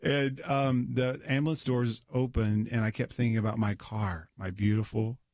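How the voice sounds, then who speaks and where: A man's voice: medium pitch, steady tone, moderate pace, darkish tone, no room sound. A man with a mid-range voice tells a long personal story, looping back with restarts and little laughs. The sound is dry and close. He talks as a guest at a studio microphone. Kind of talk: personal testimony in conversation. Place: radio studio.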